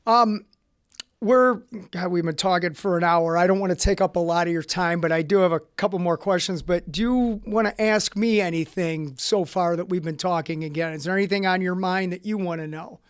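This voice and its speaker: A man hosts a podcast interview, earnest and considerate as he asks questions. His voice is notably high for a man, with a smooth, clear tone. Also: fairly even intonation, fairly quick. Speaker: podcast host. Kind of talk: conversational interview.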